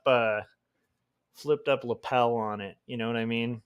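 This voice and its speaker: A man talks casually while he works on a comic page, thinking out loud and rambling from one thought to the next. He fills his pauses with ums and likes and often restarts his sentences. His voice sits at an ordinary middle pitch. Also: fairly even intonation, clear, resonant tone. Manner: thinking aloud, rambling with fillers. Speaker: comic artist streaming his work. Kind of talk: casual livestream chat while drawing.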